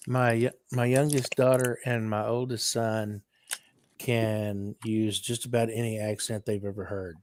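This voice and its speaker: A man in his sixties, a guest in a casual live chat, telling stories in a rambling way and clearing his throat often. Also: on the low side, steady tone, takes it slowly, slight background noise. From Texas. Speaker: guest on a livestream.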